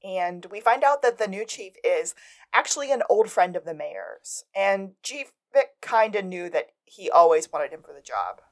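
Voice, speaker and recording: Lively woman co-host, swooping pitch. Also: moderate pace. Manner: animated retelling with voiced character lines. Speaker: podcast co-host. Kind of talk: casual recap chat.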